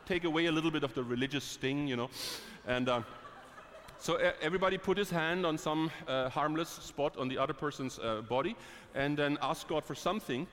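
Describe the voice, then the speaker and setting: A man, a missionary preacher telling stories in a sermon, lively and chuckling, dropping from bright to hushed. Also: fairly high pitch, a little hiss or hum. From Germany. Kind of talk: sermon with personal storytelling. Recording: long hall reverb.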